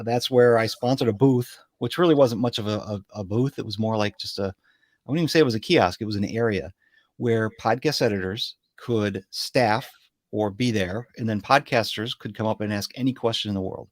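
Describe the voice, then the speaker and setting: Relaxed male livestream host. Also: medium pitch, no room sound, clean studio sound. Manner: relaxed, halting, with many fillers. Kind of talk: casual livestream chat.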